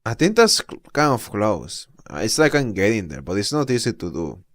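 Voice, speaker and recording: A man's voice: on the low side, sing-song, moderate pace, no room sound, studio quality. Laid-back man reacting on stream. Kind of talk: casual reaction commentary.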